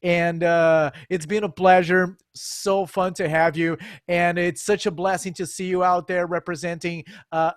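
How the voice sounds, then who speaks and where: A man's voice: sits high, dry recording, studio quality. A man hosting a casual interview, talking enthusiastically with many restarts and fillers. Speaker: host.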